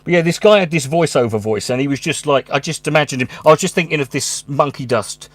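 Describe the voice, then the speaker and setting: A man's voice: on the high side, quick pace, no room sound. Comic guy ranting at home, swears a lot, choppy delivery, dry close sound. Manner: rambling, sweary, with abrupt stop-start phrasing. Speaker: stand-up comedian and channel host. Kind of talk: casual monologue. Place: his room at home.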